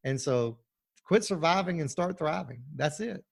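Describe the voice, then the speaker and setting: A man's voice: on the high side, lively intonation, moderate pace, gravelly, slightly rough. Man pastor on a podcast, emphatic preachy talk, keeps restarting his sentences. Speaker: pastor and guest. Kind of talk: podcast interview.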